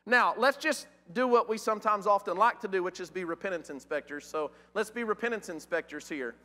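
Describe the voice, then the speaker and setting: A man's voice: sits high, brisk, pushed and bright. A man preaching a sermon in a church, asking questions and reading scripture aloud with emphasis. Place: church sanctuary. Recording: church hall with long reverb.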